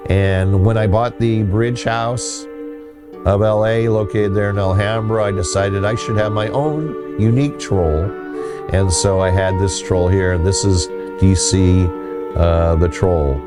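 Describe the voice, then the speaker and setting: A man hosting a casual talk on folklore, telling a story in a rambling, halting way with many restarts. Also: on the low side, fairly even intonation, loud music behind the voice. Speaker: host.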